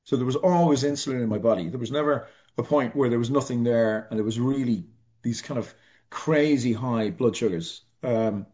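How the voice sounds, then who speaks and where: Middle-aged Irish man, mid-pitched, reflective storyteller with wry humor; slightly dull lo-fi recording. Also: a little mellow. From Ireland. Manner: reflective, halting, self-deprecating humor. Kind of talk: personal story in conversation.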